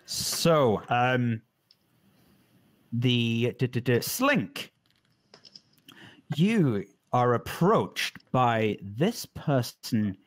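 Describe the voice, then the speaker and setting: A man who narrates a tabletop game as dungeon master, playing many characters. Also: medium pitch. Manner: slow, animated storytelling, plays many voices.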